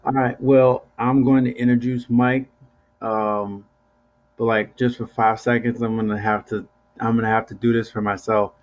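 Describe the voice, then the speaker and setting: A man's voice: medium pitch, flat delivery, normal speed, dull audio. A young male student co-hosting over a video call, talking in a laid-back, casual way. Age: young adult. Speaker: student co-host. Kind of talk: casual chat.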